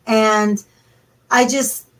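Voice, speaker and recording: A woman guest from Minnesota spins a story in a loose, rambling way, dotting her sentences with "like" and "you know." Her voice sits on the higher side for a woman. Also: fairly even intonation, extremely slow, a bit bright, rough recording. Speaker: paranormal investigator guest. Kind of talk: casual storytelling.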